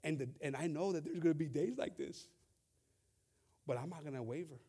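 Male preacher with a high, ringing voice; passionate, halting delivery full of restarts. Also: husky. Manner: fervent preaching with many restarts and repeated words; builds from quiet scripture reading to loud emphatic exhortation. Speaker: pastor. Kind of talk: sermon.

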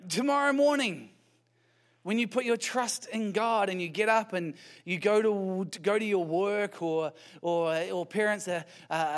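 A high-pitched male pastor delivers a sermon. His tone is conversational and he keeps putting rhetorical questions to the congregation, with light self-deprecating humor mixed in.

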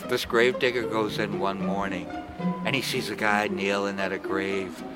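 A man's voice: on the low side, fairly even intonation, normal speed, rough recording. Joking male ghost tour guide. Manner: punchline-driven, folksy, laughs at own jokes. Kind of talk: joking storytelling tour talk. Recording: loud music behind.

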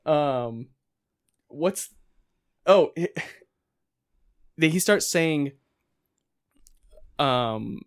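A man's voice: on the high side, animated, clean tone. A man co-hosting a casual movie review podcast, retelling scenes and acting out the characters' lines. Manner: retells scenes acting out quotes in quick bursts. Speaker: podcast co-host.

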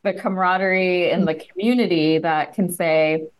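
A woman co-host with a fairly low voice talks in a relaxed, conversational way. She drops quick asides as she responds to her guest. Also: clear, resonant tone. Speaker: podcast co-host. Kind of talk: casual interview chat.

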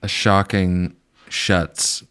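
Low-voiced man riffing on movies. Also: very slow, clean tone. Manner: joking, animated riffing, swears. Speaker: podcast co-host. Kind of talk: casual movie chat.

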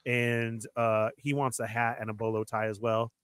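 A man's voice: medium pitch, moderate pace, clean tone. A man hosting a live toy collector stream, welcoming viewers by name and laughing along with his co-hosts. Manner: energetic, laughs a lot. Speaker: host.

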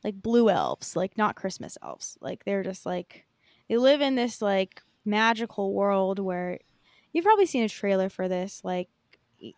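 A woman's voice: medium pitch, very animated, a little slow, a little mellow, no room sound, studio quality. A young woman co-hosting a podcast in casual chat, rambling with lots of fillers and casual swearing. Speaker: podcast co-host.

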